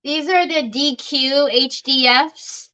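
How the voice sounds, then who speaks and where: A woman's voice: high-pitched, fairly even intonation, slow, bright, forceful tone, rough recording. A woman hosting a crafting livestream, chatting casually and joking at her own expense while she works. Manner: chatty and self-mocking, often laughing.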